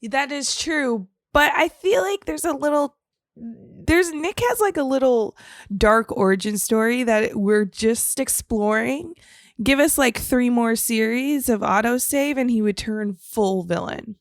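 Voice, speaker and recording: Woman, upbeat, laughs often, slightly high voice, dry close mic. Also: unhurried, dry recording. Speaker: podcast co-host. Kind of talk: casual chat.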